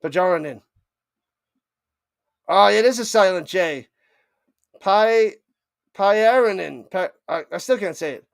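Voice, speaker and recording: High-voiced joking play-by-play man. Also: unhurried, creaky, clean tone, dry recording, clean studio sound. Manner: animated, joking, stumbles over names. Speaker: play-by-play streamer. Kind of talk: live play-by-play commentary and banter.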